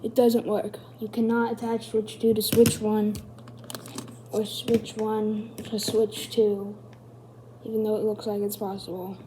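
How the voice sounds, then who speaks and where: A woman's voice: mid-range voice, little pitch movement, a little slow, background noise. A woman hosting a casual tech explainer video, rambling and correcting herself as she goes. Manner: rambling, self-correcting, chatty. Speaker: video host.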